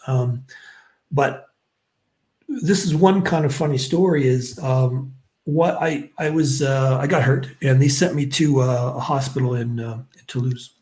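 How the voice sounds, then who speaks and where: A middle-aged man talks as a podcast guest, his pitch sitting in an ordinary middle range. He tells long stories loosely, filling gaps with ums and uhs and dropping casual swear words. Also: measured pace, darkish tone, poor audio. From Canada, British Columbia. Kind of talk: casual storytelling interview.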